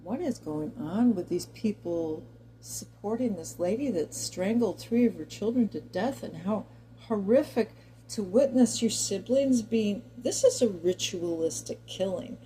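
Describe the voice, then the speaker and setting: Chatty woman with a warm, mellow voice. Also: medium pitch, expressive, unhurried, a little hiss or hum, low-quality recording. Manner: chatty and digressive, talks directly to viewers. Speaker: commentary vlogger. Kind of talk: opinion monologue to camera.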